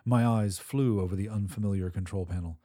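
Male audiobook narrator, dark and husky, lively pitch, tense dramatic telling. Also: a little fast, no echo, studio quality.

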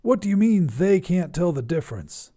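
A man's voice: high voice, sing-song, normal speed, warm tone, voice pushed up. A man voicing a sleepy, flustered male priest who gets whiny and panicky, in a storybook reading.

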